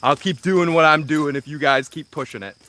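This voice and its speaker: A man's voice: fairly high pitch, fairly quick, pushed and bright, slight background noise. A man in his thirties hosting a casual livestream from home, rambling and self-deprecating, swearing freely and laughing often while he reads viewer comments. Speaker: livestream host.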